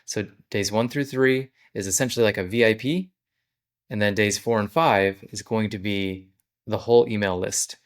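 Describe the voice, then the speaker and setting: Low-voiced man explaining his business. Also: steady tone, normal speed. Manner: conversational, walks through steps plainly. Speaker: business owner. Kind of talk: casual business vlog explanation.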